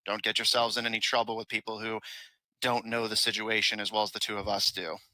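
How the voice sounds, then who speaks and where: Stern officer barking clipped orders in a tabletop game, done by a guy, bright and dry. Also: lowish voice, little pitch movement, fast, dry recording, rough recording. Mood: commanding. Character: stern male officer, commanding and curt.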